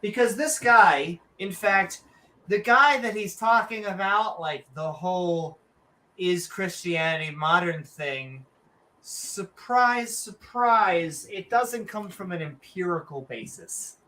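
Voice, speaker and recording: Woman, show co-host; bright edge, slow delivery, sarcastic comic banter. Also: on the low side. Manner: joking, sarcastic, mock-announcer asides. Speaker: podcast co-host. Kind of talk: casual livestream chat.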